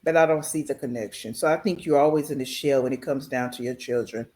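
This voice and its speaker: A woman hosting a reaction channel, giving blunt, emphatic commentary as she pauses a clip. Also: rumbling low, mellow.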